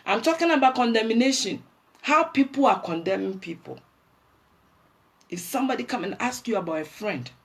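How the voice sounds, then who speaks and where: A woman with a Ghanaian accent, hosting a livestream and delivering a blunt, preachy rant that scolds her viewers. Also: medium pitch. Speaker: livestream host.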